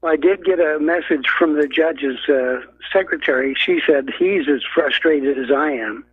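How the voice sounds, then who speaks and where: Husky male caller on a tinny phone line. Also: fairly high pitch, no room sound. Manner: halting, with many fillers and restarts. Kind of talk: call-in radio talk.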